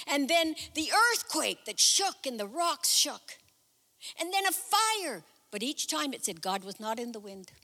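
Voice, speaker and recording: A woman preaching a sermon, retelling a Bible story in a chatty, animated way with personal asides. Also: medium pitch. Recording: reverberant hall.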